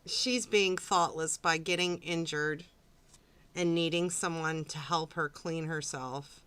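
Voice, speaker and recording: A woman co-hosting a podcast, reacting to a recorded call in a sarcastic, expressive way. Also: deep voice, slow, clean tone. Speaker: podcast co-host.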